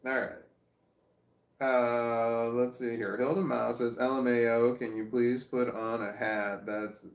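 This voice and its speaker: Gravelly, rambling middle-aged man. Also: medium pitch, little pitch movement, a little slow, reverberant. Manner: rambling, self-mocking, laughs often. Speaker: livestreamer reading chat. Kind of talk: casual rambling livestream chat. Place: room at home, seated in armchair. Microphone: phone.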